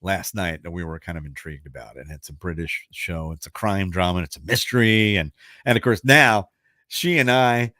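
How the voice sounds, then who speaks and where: A man's voice: low-pitched, moderate pace, sharp tone, no room sound, clean studio sound. A man hosting a radio show, chatting casually and rambling, then reading out a trivia question. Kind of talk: casual chat and trivia quiz.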